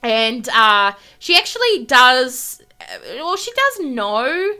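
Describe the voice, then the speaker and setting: Young female gamer, bubbly and gushing, bright slightly high voice, casual commentary. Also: slow pace. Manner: gushing, excitable, chatty to viewers. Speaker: gaming YouTuber. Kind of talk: casual let's-play commentary.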